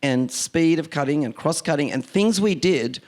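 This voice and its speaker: An Australian man, a film director, telling stories in a lively, quick way onstage. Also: a little high. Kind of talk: onstage conversation.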